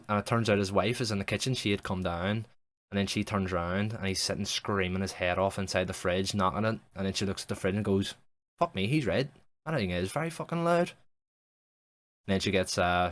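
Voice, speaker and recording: A man's voice: low-pitched, a bit bright, dry recording. A young man improvising a comic story as a streamer, rambling and swearing, with many restarts.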